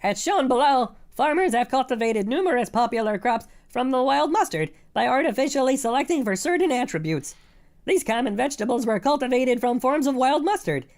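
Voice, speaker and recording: A text-to-speech voice doing a creepy cartoon bear that recites textbook lines in a high, steady tone. The reading is flat and even, with no pauses for effect.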